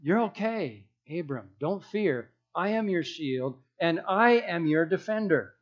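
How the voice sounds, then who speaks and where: A man voicing God as a calm protector reassuring a friend. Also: fairly high pitch, a little slow, muffled recording.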